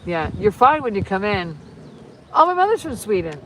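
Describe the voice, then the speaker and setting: A woman's voice: mid-range voice, big pitch swings, normal speed. A chatty woman streams live from outdoors, rambling from one thing to the next and greeting viewers as their comments come in. Her voice sits some distance from the phone, with a faint hiss of noise underneath. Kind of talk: casual live stream chat.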